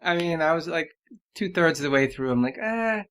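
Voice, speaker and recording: A man speaking as a podcast guest, making dry, unhurried remarks. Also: a little high, fairly bright tone, clean tone. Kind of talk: casual panel discussion.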